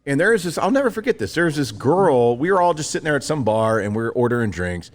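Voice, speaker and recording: Talking fast in a medium-pitched voice, this thirtysomething podcast co-host spins a story during relaxed conversation. He animates it by performing the voices of each person involved.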